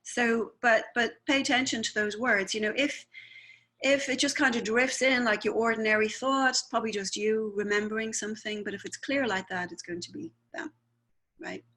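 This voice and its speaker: A woman's voice: a little high, normal speed, bright, forceful tone. Woman, spiritualist medium, conversational, rambling, chatty, checks in with listeners. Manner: chatty, rambling, often asks "right?". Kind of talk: conversational talk.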